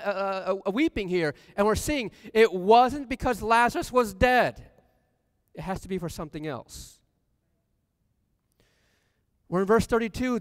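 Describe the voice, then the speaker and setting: Male preacher, high and smooth, reads scripture and quizzes the congregation, dry close mic with a long church reverb tail. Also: fairly bright tone. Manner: reads scripture aloud, then asks the congregation questions. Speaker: pastor. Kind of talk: sermon. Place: church sanctuary.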